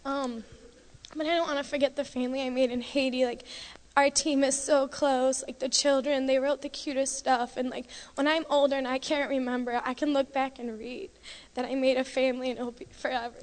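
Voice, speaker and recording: High-voiced teen girl in an echoing church. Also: level tone, a little fast. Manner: chatty, many "like"s, emotional. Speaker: mission trip member giving testimony. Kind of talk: church testimony. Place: church sanctuary. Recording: long reverb of a hall.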